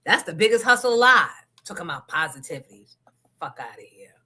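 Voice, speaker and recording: Female host, confrontational profane rant, bright tense tone. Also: fairly low pitch, big pitch swings, brisk. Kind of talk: casual rant to listeners.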